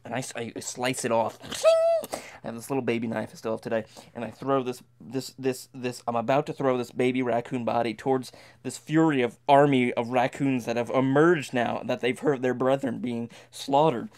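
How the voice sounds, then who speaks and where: A man's voice: mid-range voice, steady tone, moderate pace, a little mellow. A man telling a comic tall tale as a dramatic monologue, stammering and restarting often. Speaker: storyteller.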